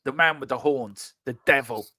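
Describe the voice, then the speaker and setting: Bright-voiced man hosting a live stream. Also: mid-range voice, moderate pace, no room sound, clean studio sound. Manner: jokey, teasing, reads chat aloud. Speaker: livestream show host. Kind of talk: casual live-stream chat. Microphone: remote stream call.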